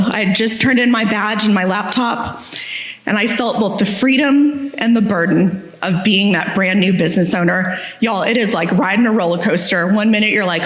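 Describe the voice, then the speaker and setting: A woman's voice: medium pitch, normal speed, a bit bright. A woman giving a candid, self-deprecating talk on stage, telling her story with humor. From Texas. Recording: echoey hall.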